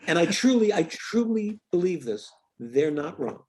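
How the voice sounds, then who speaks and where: With background noise behind him, an older film writer and director talks in a higher-leaning voice with big swings in pitch. He offers candid stories during an interview, thoughtful in tone, often starting over and falling into quiet trailing pauses.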